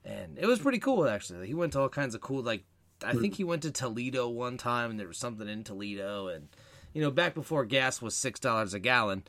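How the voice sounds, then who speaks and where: A man's voice: medium pitch, no room sound. A man from Ohio co-hosting a podcast, chatting casually and joking in a teasing way. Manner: jokey, animated, quick to tease. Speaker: podcast co-host.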